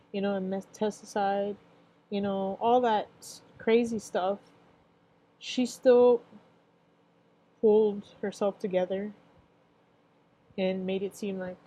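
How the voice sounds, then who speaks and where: Mellow-voiced young woman sharing her story. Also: a little high, low-quality recording. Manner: rambling, heavy on filler phrases, emotional at times. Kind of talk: casual personal testimony.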